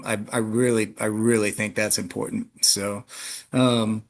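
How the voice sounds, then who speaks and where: A man's voice: unhurried, vocal fry. A man who coaches track and field, answering interview questions in a loose, conversational way, often restarting his sentences. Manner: animated, frequent restarts, jumps in pitch when emphatic.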